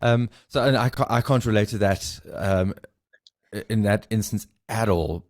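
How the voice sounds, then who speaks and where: A man hosting a podcast interview, talking candidly in a halting way with many fillers. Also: on the low side. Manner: halting, filler-heavy, confessional. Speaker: podcast host.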